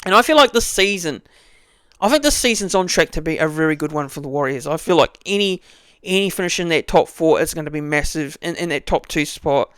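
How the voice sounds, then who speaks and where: A man's voice: a little high, expressive, fairly quick, a bit bright, clean tone, dry recording. A young man giving a casual fan review, rambling with many restarts and fillers. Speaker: fan channel host.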